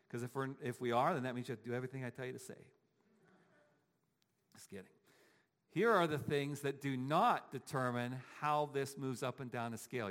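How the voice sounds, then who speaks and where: A male pastor gives a sermon in a church hall, his slightly high voice trailing off into a long reverb. He talks in a conversational way and keeps checking in with the congregation as he goes. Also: a bit bright.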